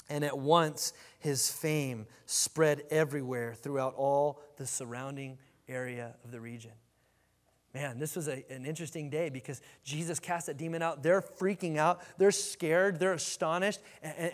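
In a big church sanctuary with long, lingering reverb, a pastor preaches his sermon at a moderate pace. He's animated and keeps restarting, tripping over and repeating words as his points build, and his voice sits slightly above typical male pitch.

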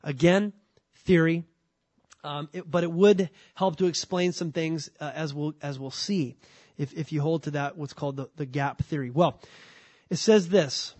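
A man's voice: on the high side, moderate pace, darkish tone, dry recording. A man teaching a sermon on scripture, conversational with dry humor and frequent restarts. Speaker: pastor.

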